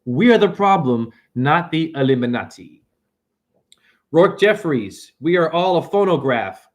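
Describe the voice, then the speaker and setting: A middle-aged man giving a fast, profane, rambling spiritual monologue that swings between loud and soft. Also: fairly high pitch, very animated. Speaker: self-styled spiritual teacher.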